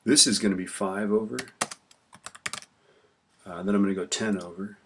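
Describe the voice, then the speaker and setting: Against a noisy background of keyboard clicks and typing, a man with a fairly low voice speaks at normal speed with fairly even intonation. He's a teacher casually talking through a screen-recorded spreadsheet tutorial, often checking in with "right?".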